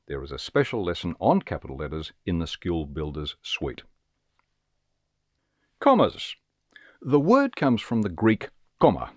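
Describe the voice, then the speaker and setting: A man with a very deep voice narrates a scripted lesson, his pitch rising and falling with lively emphasis. He explains in a measured, teacherly way and reads examples aloud. The sound is close and dry, with no room echo. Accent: Australian. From Australia. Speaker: teacher giving a webinar.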